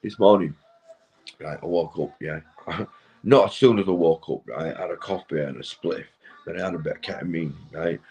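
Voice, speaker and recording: Captured on a poor-quality recording, this young man's voice sits low and warm at a normal speed. He's a stoned vlogger rambling through a casual story full of swearing, constantly checking in with "right?" and "mate."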